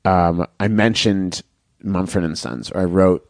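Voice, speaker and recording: A man's voice: low voice, steady tone, creaky, no echo. Man, podcast co-host, casual chat, chatty, dry close mic. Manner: chatty, laughs often, does quick voice impressions.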